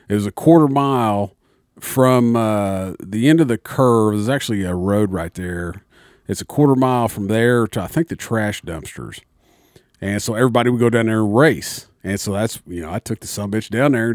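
A man's voice: lowish voice, darkish tone, no room sound, clean studio sound. A young man, a little tipsy, telling a long profane story in casual chat. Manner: rambling, profane storyteller, acts out voices. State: slightly tipsy.

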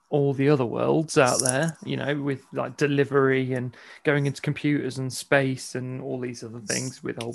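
A middle-aged man, hosting a casual podcast chat, croaky as he loses his voice. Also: mid-range voice. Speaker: podcast host.

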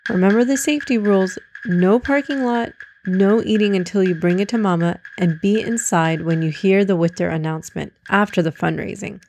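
A woman's voice: medium pitch, normal speed, few pauses, darkish tone, slight background noise, lightly acted. A woman reading aloud, voicing a loving mother who firmly sets out rules for her children. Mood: reminding. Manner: firm, instructive, listing rules. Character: careful, loving mother of two.

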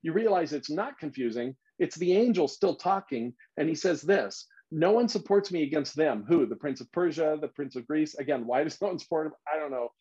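A man's voice: a little high, expressive, brisk, few pauses, dark tone, slightly rough. A man leading a casual Bible study, talking emphatically and thinking aloud as he explains. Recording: slightly dull lo-fi recording.

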